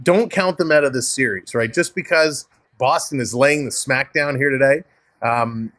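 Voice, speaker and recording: A man's voice: mid-range voice, moderate pace, fairly bright tone, dry recording. A man with a Canadian accent hosting a live hockey stream, mixing play-by-play with friendly replies to chat and thanks to viewers. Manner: upbeat, chatty, thanks viewers by name and chuckles often.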